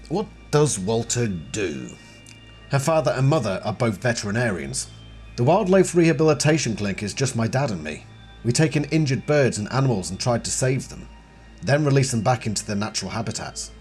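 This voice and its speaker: A chatty man reviewing a book series, mixing casual commentary with passages read aloud. His pitch moves a lot and he reads with expression. Faint music runs underneath. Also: darkish tone, husky.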